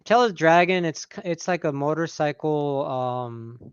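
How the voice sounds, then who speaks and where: A man's voice: on the high side, moderate pace, smooth, no room sound, highs cut off. A man chatting casually about motorcycle trips on a livestream, rambling and laughing often. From California. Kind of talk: casual chat.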